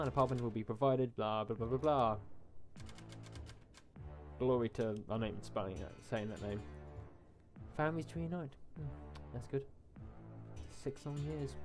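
A man's voice: mid-range voice, a little mellow. A man hosting a casual let's-play, reading game text aloud and adding mock asides in a jokey tone. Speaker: gaming channel host.

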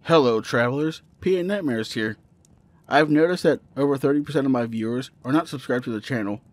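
Un hombre, presentador de un canal de terror, que lee en voz alta una historia de miedo con narración pausada y constante. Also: male voice, mid-range voice, no echo. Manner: steady storytelling narration. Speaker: horror story narrator and channel host. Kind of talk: reading a creepypasta aloud.

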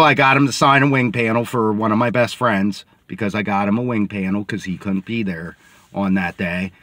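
A man's voice: mid-range voice, pushed and bright, dry recording. A man hosting a sports podcast, rambling casually in a chatty vlog while sitting in a car. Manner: rambling and chatty, many fillers.

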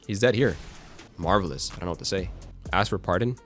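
A young man giving casual, excitable gameplay commentary, swearing and cracking jokes as he plays. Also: low voice, fast, soft background music. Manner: excitable, swearing, jokey, quotes song lines and memes. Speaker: gaming YouTuber.

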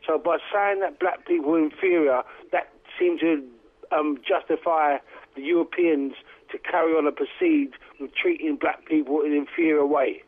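A high-pitched man talks over a tinny phone line into a radio show. He rambles emphatically, stumbling and restarting as he builds his points. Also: lively intonation, normal speed. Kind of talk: talk radio discussion.

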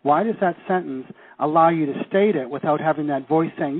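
A man leading a teleseminar, coaching listeners through phrases and slowing down to stress key words. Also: on the high side, breathy edge. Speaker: seminar leader. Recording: tinny phone line.

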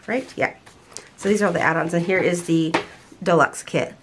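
A woman's voice: lowish voice, steady tone, normal speed, noisy background. Chatty older woman gushing over a haul. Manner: chatty, gushing, restarts sentences. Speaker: planner vlogger. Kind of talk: casual haul chat. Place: home.

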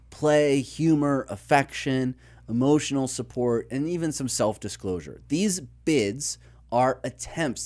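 A man's voice: mid-range voice, darkish tone. A man co-hosting a podcast, explaining research in an explanatory manner, listing ideas and telling illustrative stories. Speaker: podcast co-host.

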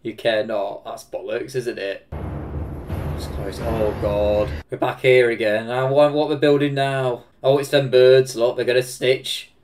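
A man with an English Midlands accent reacting to a film, excitable, swearing and laughing often. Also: medium pitch, a little slow, soft background music. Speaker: reaction video host. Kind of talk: casual reaction commentary.

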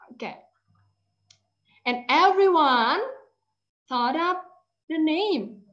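Animated woman teaching children English. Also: sits high, dull audio. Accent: Indonesian. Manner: animated, drawn-out words, prompts children to repeat. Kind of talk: storytelling lesson for kids.

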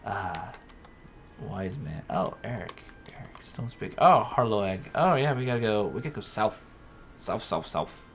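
Profane, excitable male let's-play host. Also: fairly low pitch, measured pace, soft background music. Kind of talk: casual gameplay chat.

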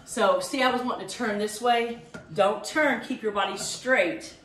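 A woman's voice: fairly high pitch, measured pace, a bit bright, slight background noise. A middle-aged woman leading a live workout class, chatty and upbeat, counting reps and getting out of breath. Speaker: fitness instructor. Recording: echoey room from a distance.

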